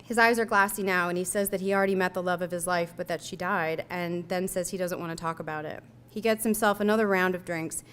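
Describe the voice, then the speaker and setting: A young woman reading her own personal essay aloud, telling it in a measured, reflective way. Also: fairly low pitch, a little hiss or hum. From United States.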